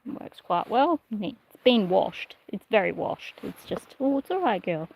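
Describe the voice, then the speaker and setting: A woman livestreaming casually while she trains her miniature horse outdoors, speaking in a soft, coaxing way to the animal. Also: mid-range voice, very animated, takes it slowly, creaky, slightly rough, phone-quality sound. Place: outdoors in a paddock. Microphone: phone camera held in one hand. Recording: noisy outdoor phone recording.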